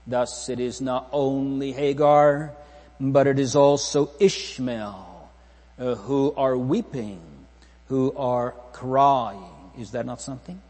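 Slow husky-voiced male preacher. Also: mid-range voice, a little mellow, big-room sound. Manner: solemn, repetitive, rhetorical questions to the congregation. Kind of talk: sermon. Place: church.

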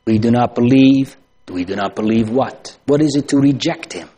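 A man preaching a sermon, asking rhetorical questions and swinging from loud emphasis to hushed tones. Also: medium pitch, moderate pace.

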